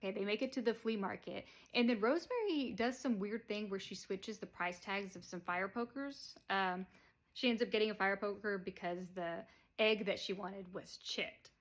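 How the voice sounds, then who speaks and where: A woman's voice: mid-range voice, moderate pace. A woman casually retells a movie plot in a rambling way. She leans on fillers and chuckles now and then. It sounds unscripted and easygoing. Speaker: movie reviewer.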